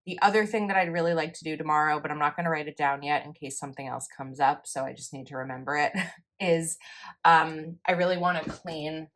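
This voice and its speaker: Young woman talking thru her planner, low voice, rambly and casual. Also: steady tone, brisk, a bit bright. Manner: chatty, rambling, self-correcting. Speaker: planner vlogger. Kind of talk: casual voice-over while planning.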